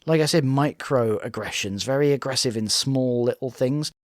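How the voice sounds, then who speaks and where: A man's voice: mid-range voice, normal speed, no echo. Analytical man, dry close sound. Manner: analytical, mimics voices in quotes. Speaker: co-host reacting to reality TV. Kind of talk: casual reaction chat.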